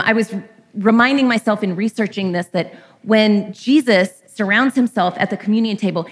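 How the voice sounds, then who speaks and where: Woman preaching a candid, casual sermon. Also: on the high side. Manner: candid and conversational, lightly irreverent. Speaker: pastor.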